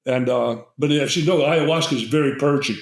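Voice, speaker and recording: A man's voice: medium pitch, a little fast. Older man telling a rambling story. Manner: rambling, many fillers and restarts. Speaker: guest herbalist. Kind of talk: storytelling in conversation. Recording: roomy echo.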